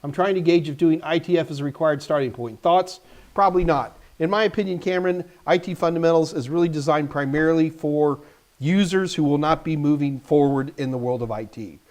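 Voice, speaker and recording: A man's voice: a little high, fairly quick, darkish tone. A man hosting a live stream, answering viewers' tech questions in a casual, joking way and talking straight to the chat.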